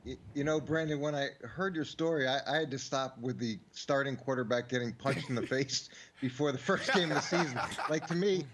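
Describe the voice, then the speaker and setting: A man's voice: mid-range voice, background noise. A man, a former coach, giving sports analysis, repeating words as he talks. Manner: halting, repeats words often.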